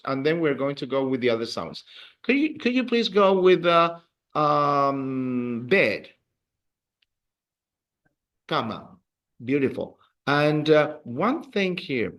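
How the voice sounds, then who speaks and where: A male teacher leads a beginner Spanish lesson at an unhurried, deliberate pace. He repeats each word patiently so learners can follow and echo him. His voice sits at an ordinary middle pitch.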